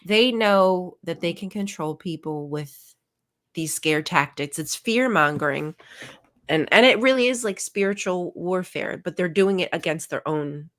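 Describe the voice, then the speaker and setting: A woman's voice: lowish voice, a little slow, a bit bright. A woman co-hosting a casual podcast, chatting with frequent "like" and "um" fillers. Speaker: podcast co-host.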